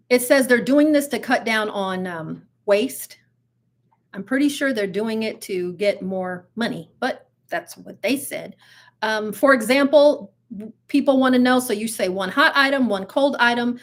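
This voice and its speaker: A woman hosting her own cruise channel, telling stories and reading news in a chatty, giggly way with plenty of asides and fillers. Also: a little high. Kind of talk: casual live-stream chat and storytelling.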